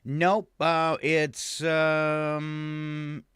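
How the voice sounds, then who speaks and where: A man's voice: on the high side, monotone, very slow, a bit bright, clean tone, dry recording. A man co-hosting a morning radio show, teasing and laughing often during playful on-air banter in a radio studio.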